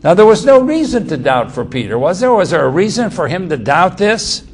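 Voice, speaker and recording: A male preacher teaching from scripture in a fairly high voice. He speaks emphatically, repeats himself and restarts phrases as he explains. A faint hiss sits under the recording. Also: very animated, a little fast. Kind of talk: sermon, Bible teaching.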